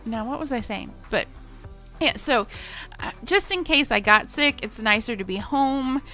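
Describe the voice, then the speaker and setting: Casting: woman, late 20s, Southern lilt, bright voice, chatty and self-deprecating vlogger, faint music bed. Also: on the high side, expressive, unhurried. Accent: Southern American. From Missouri. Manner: rambling and self-mocking, lots of fillers and laughs. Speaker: gaming vlogger. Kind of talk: casual chat over gameplay.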